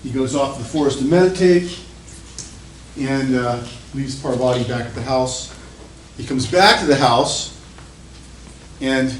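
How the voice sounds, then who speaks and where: A male university lecturer telling stories in an animated, chatty classroom lecture. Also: mid-range voice. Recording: echoey classroom with faint noise.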